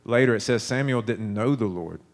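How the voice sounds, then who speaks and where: A man's voice: medium pitch, brisk. A man in his thirties preaching a sermon, telling stories in a conversational way with frequent restarts.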